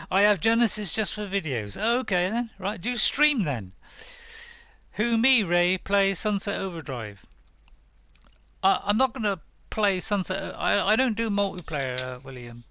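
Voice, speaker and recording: A man from Bristol, England, with a West Country accent chats casually with viewers on a game live stream, chuckling and reading their messages aloud. His voice sits high with lively intonation, vocal fry and a sharp tone, at a measured pace in a dry recording.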